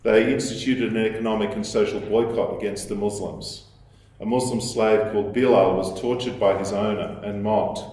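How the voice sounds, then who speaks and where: A man giving a lecture in a measured, explanatory way, with fillers and restarts as he thinks aloud. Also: fairly low pitch, steady tone, a little mellow. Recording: echoey hall, voice from a distance.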